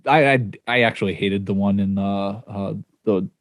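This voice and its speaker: A man co-hosting a podcast, chatting in a relaxed way and adding short reactions and trivia. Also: on the low side, moderate pace, dry recording. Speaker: podcast co-host. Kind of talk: casual chat.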